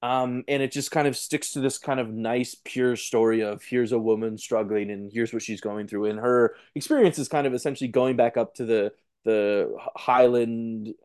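A man's voice: medium pitch, a little mellow. A man guest on a film podcast, talking casually and animatedly, often acting out what others say.

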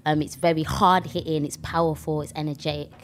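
A woman's voice: low voice, brisk, slight background noise. A young woman with a Birmingham accent, a rapper talking animatedly in a casual interview. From England. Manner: animated, with fillers and restarts. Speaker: rapper, guest.

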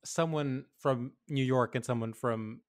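A man hosting a comedy podcast, chatting in an animated, rambling way and laughing often. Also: medium pitch, measured pace. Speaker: podcast host. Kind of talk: casual comedy podcast chat.

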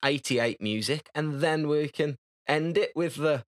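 A man's voice: fairly high pitch, a little slow. A man co-hosting a podcast, chatting and bantering with his friend. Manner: teasing, banter-heavy. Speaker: podcast co-host. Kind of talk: casual chat.

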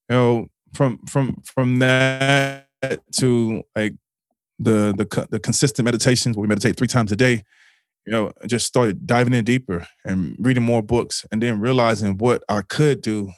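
A man's voice: mid-range voice, normal speed, dry recording. A man in a podcast interview speaks in a middle-range voice, recorded close and dry with no room sound. He tells his story earnestly and emotionally, swearing freely and often restarting his sentences. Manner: earnest, emotional and profane, with many restarts and fillers. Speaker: podcast guest.

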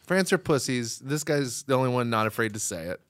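Man riffing sarcastically, lively pitch. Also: a little fast. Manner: sarcastic, riffing with absurd jokes. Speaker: podcast co-host. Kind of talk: casual comedic chat.

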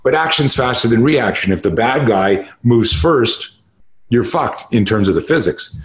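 A man's voice: medium pitch, lively intonation, measured pace. A man in his sixties from Canada, a martial arts instructor telling stories in a podcast interview, swearing freely and talking with emphasis. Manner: profane, emphatic storyteller. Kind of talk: conversational interview storytelling.

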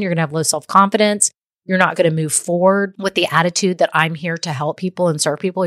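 A woman hosts a business podcast, talking straight to her listeners in a chatty, encouraging way. She keeps checking in with them as she goes. Her voice sits in an ordinary middle pitch and is recorded close and dry. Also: a bit bright, dry recording. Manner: chatty and encouraging, with frequent "okay?" and "right?" check-ins. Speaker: podcast host. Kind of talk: motivational business podcast talk.

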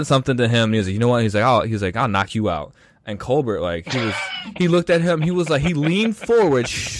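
A man's voice: lowish voice, no room sound. A man hosting a casual podcast, telling workplace stories and acting out the voices of the people in them. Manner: animated, acts out quoted voices. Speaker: podcast host.

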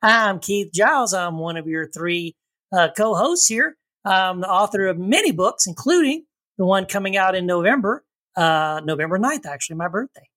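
A man's voice: high voice, expressive, moderate pace, a bit bright, low-quality recording. A man with a slight Texan accent co-hosting a podcast in casual chat, rambling and correcting himself. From Texas. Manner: rambling, self-correcting, playful. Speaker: podcast co-host.

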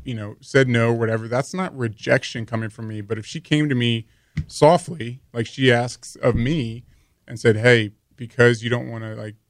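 A man's voice: medium pitch, fairly even intonation, normal speed, no room sound, clean studio sound. A man co-hosting a podcast, talking earnestly and rambling with many fillers about his relationship. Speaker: podcast co-host. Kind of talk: casual conversation.

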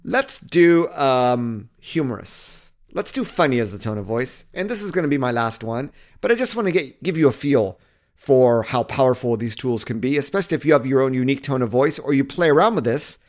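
A man's voice: medium pitch, lively intonation, brisk. Chatty man walking through a tool. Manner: loose, chatty, thinking aloud with fillers. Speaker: marketing video host. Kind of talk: casual screen-recording walkthrough.

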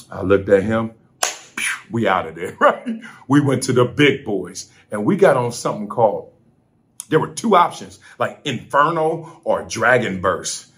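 A middle-aged man hosting a casual vlog, telling a story from his hotel room on vacation. He talks in an animated way, laughing and acting out the voices of the people he quotes. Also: on the low side. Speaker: host.

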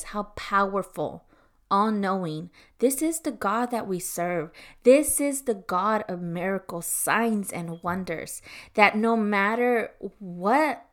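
A woman's voice: medium pitch, fairly bright tone. A woman hosting a Christian podcast, speaking earnestly and encouragingly in a conversational way, with many casual fillers. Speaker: podcast host. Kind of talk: faith-based podcast devotional talk.

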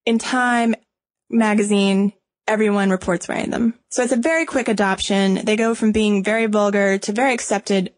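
A woman's voice: mid-range voice, steady tone, moderate pace, no echo. A young woman co-hosting a podcast in a conversational, playful way. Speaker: podcast co-host. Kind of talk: casual chat.

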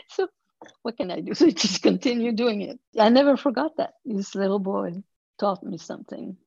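A woman in her eighties, an interview guest telling stories slowly and thoughtfully, laughing softly now and then. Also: mid-range voice, huge pitch swings, creaky, slightly rough, dry recording, lo-fi sound. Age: 80s. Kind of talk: storytelling in conversation.

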